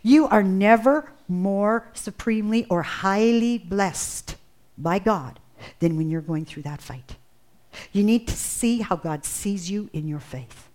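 A woman's voice: lowish voice, darkish tone. A woman preaching a sermon in an earnest way, building intensity through emphatic repetition.

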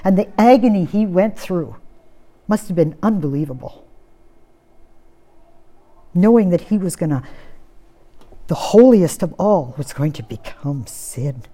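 A woman preaching a sermon, swinging between urgent, rising appeals and hushed, solemn passages. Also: lowish voice, lively intonation, measured pace, pauses often.

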